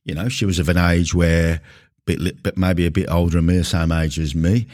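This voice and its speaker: A man's voice: low voice, flat delivery, a little fast, a little mellow. A middle-aged man, a gym coach, ranting casually to camera in a blunt, indignant, sweary way. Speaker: gym coach and podcast host. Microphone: camera mic at close range.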